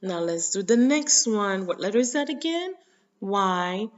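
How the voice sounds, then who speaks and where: A woman's voice: mid-range voice, slow, dull audio. A woman with a Haitian accent teaching a children's phonics lesson, drilling letter sounds in a sing-song call-and-response.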